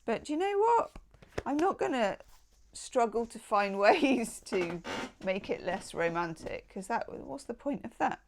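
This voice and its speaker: A woman's voice: medium pitch, animated, unhurried, a little hiss or hum. A woman giving a tarot reading in a casual, enthusiastic and affectionate way, with chatty asides. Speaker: tarot reader.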